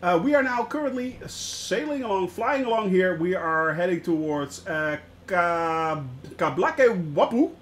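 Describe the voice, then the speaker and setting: A man streaming a flight simulator, chatting to viewers in a relaxed way with many filler sounds. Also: high voice, unhurried, slight background noise. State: watery eyes, about to sneeze. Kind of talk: live-stream commentary.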